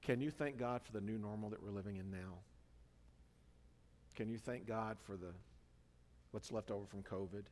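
A man's voice: lowish voice, normal speed, pauses often, a little mellow. A man delivering a sermon in a conversational, informal way, full of fillers and self-corrections. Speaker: preacher. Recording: reverberant hall.

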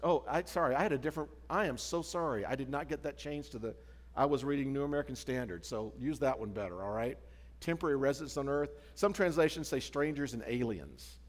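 A middle-aged man preaching a sermon as pastor, talking in a conversational way with frequent restarts and asides. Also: medium pitch. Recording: long hall reverb.

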